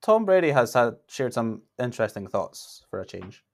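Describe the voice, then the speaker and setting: A man with a Northern English accent, co-hosting a casual sports podcast and talking with many pauses and fillers. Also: medium pitch, big pitch swings, darkish tone. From Northern England. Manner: hesitant, lots of fillers. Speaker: podcast co-host.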